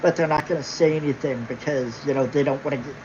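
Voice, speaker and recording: A woman's voice: low voice, fast talker, noisy background. A woman hosting a livestream, ranting angrily at her viewers, mocking them with sarcasm and constant swearing. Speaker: livestream host. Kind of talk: profane livestream rant. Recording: dull lo-fi stream audio.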